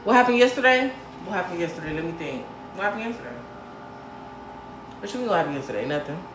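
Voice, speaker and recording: A woman from Michigan hosting a casual livestream, talking to her viewers in a blunt, profane, animated way. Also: on the low side, fast, heavy background noise. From Grand Rapids, Michigan, USA. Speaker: livestream host. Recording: roomy echo, faint background ambience.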